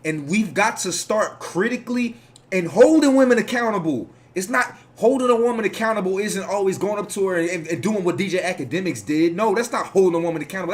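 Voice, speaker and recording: A man's voice: high voice, lively intonation, normal speed. A man giving casual reaction commentary, rambling, profane and preachy as he lectures his audience.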